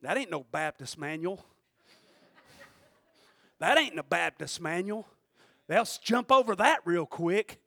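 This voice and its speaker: A man preaching a sermon, who swings between shouting and quiet, intense passages and calls out to the congregation. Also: high-pitched, animated, a little slow, gravelly, long pauses, no echo, clean studio sound. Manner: preaches with call-and-response asides to the congregation. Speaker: pastor.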